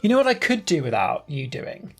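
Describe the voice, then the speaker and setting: A woman's voice: deep voice, big pitch swings, a little fast, slightly rough. A woman with an Australian accent co-hosting a casual comedic chat, playful and teasing. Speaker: co-host.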